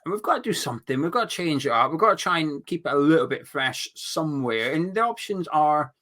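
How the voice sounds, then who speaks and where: A man's voice: a little high, lively intonation, sharp tone. A man co-hosting a casual football podcast, chatty and opinionated. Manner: chatty, opinionated, quick restarts. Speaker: podcast co-host.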